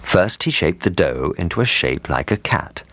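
Very deep-voiced male storyteller. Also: big pitch swings, normal speed, a bit bright, no echo. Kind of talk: fairy tale read aloud.

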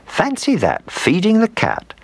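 A man voicing a kindly old woman who dotes on her dog, in a storybook reading, with high fluttery exclamations. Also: wildly swooping pitch, takes it slowly, vocal fry, a bit bright, breathy edge, no echo, exaggerated voice. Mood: delighted.

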